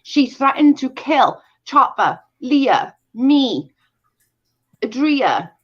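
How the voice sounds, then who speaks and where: A woman's voice: sits high, big pitch swings, drawn-out words. A woman hosting a casual commentary stream, exasperated and emphatic, repeating her points. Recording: dull lo-fi stream audio.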